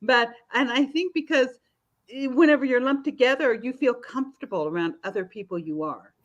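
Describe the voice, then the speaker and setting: A woman's voice: a little high, fairly quick, muffled recording. A woman in her fifties, an author guest on a podcast, talking casually and telling stories with frequent laughs. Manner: chatty storyteller, laughs often.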